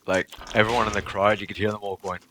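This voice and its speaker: A man rambles at his livestream viewers between moves in a game. His voice is bright and forceful, his talk is loose and full of swearing. A faint hiss sits under the voice. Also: fairly low pitch, little pitch movement, fast talker. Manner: profane, rambling, chatty with viewers. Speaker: livestreaming gamer. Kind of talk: casual chat while playing a game.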